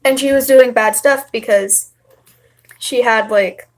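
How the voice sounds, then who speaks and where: A woman's voice: a little high, slow pace. A young woman chatting casually and rambling on a home livestream. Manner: chatty and rambling, many fillers. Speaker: livestream host.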